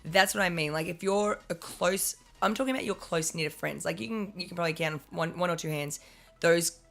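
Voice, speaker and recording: A woman's voice: fairly low pitch, a little fast, gravelly, a bit bright, faint music behind. A woman co-hosting a live stream, talking casually and rambling through a point with restarts and swearing.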